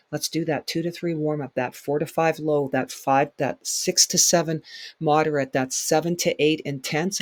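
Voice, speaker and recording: A man with a slightly raised voice leads a fitness workshop, pressing his points with emphatic repetition. The sound is dry and close, with no room echo. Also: on the high side. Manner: emphatic, repeats key points, acts out client reactions. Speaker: fitness instructor. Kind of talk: workshop lecture.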